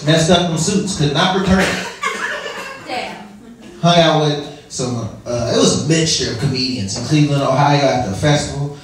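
Man, stand-up comic, AAVE, animated pitch, roomy distant sound, audience laughter. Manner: loose, profane, swings up high for punchlines. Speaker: stand-up comedian. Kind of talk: live stand-up with crowd work. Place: small bar with a live audience.

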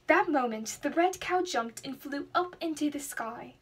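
A woman's voice: sits high, normal speed, hardly any pauses. Young woman reading a storybook aloud. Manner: expressive, dramatic read-aloud. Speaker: student reader.

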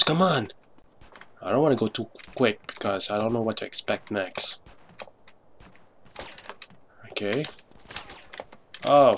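A man's voice: on the low side, fairly bright tone, a little hiss or hum. A man giving live gameplay commentary, swearing often in frustrated outbursts over keyboard clicks. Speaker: gamer.

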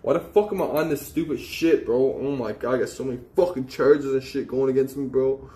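A man's voice: medium pitch, fairly quick, warm tone. A man live streaming, ranting in an agitated, profane, repetitive way. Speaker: IRL streamer. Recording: noisy live-stream audio.

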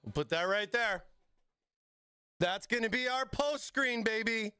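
A man hosting a casual livestream, excitable and hyped, talking straight to his chat. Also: high voice, unhurried, clean tone, no echo, studio quality. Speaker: livestream host.

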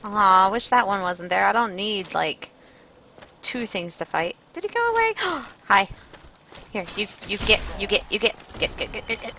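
Bright, chatty woman streamer. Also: mid-range voice, big pitch swings, normal speed, creaky, slight background noise, rough recording. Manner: chatty and self-mocking, greeting chat viewers. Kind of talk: casual gameplay commentary.

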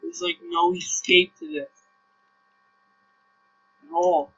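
A man's voice: sits high, big pitch swings, slow pace, gravelly, bright, forceful tone, husky, dull audio. A young man with a Norwegian accent, casually commenting on a game and puzzling aloud as he plays. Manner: puzzled, thinking aloud, repeats himself. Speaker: gameplay commentator.

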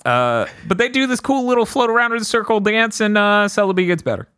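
A man hosts a comedy podcast, recapping a film in an animated, jokey way. His voice is fairly high and bright, and it swoops up and down as he slips into goofy character voices. The sound is dry and close. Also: quick pace, smooth, dry recording. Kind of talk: casual comedic movie recap.

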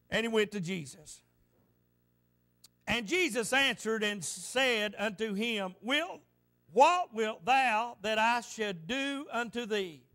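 A male pastor delivering a fervent sermon. His voice is high and bright with a sharp, forceful edge. He repeats phrases for emphasis and tells stories as he preaches. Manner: fervent, repetitive preaching with storytelling.

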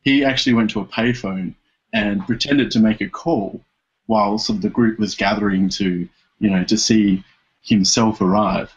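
A man's voice: lowish voice, steady tone, moderate pace, breathy edge. A man with dry humour, telling a story as a guest on a casual podcast. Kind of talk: casual interview chat. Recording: dull lo-fi podcast audio.

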